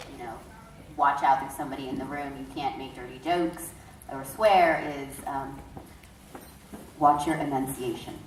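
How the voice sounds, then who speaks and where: A woman with a low voice tells a casual story on a convention panel, stopping and restarting as she goes. She is heard from a distance in an echoey room, with faint noise behind her. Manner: chatty, self-interrupting. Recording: echoey hall recorded from far off.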